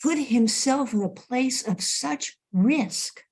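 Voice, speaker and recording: A woman minister giving a sermon, telling a teaching story in a slow, expressive way. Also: a little high, breathy edge.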